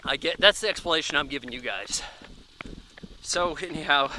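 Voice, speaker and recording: A man's voice: on the high side, normal speed, bright, forceful tone, slight background noise. A man in his thirties giving a casual, rambling movie review, chatty and offhand, thinking aloud with plenty of fillers.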